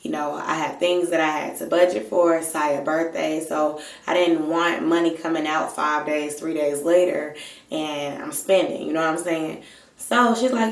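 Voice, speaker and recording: A woman vlogger telling a story in a casual, animated and exasperated way, swearing freely. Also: low voice, measured pace. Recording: roomy, mic at a distance.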